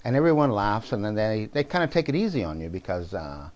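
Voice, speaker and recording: A man's voice: on the low side, big pitch swings, fast, a little mellow, dull audio. Rambling man vlogging opinions. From New Brunswick, Canada. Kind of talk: casual political monologue.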